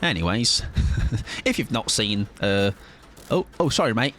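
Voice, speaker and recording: A young man streaming a game live, rambling and joking with his viewers, laughing often and breaking into excited outbursts. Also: fairly low pitch, a little slow, slight background noise. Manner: rambling, jokey, chats to viewers while playing. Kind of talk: live gameplay commentary with chat.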